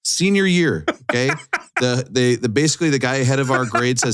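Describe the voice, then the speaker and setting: A man's voice: mid-range voice, animated, fairly quick, a bit bright, clean tone. A middle-aged man, co-hosting a podcast and telling a story with exaggerated asides. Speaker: podcast co-host. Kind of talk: casual storytelling chat.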